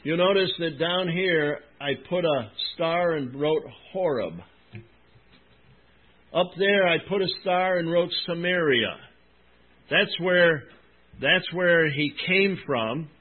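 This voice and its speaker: A man's voice: fairly high pitch, takes it slowly, narrow, tinny audio. A man preaching a sermon in an earnest, emphatic way, asking his congregation questions as he goes. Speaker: pastor.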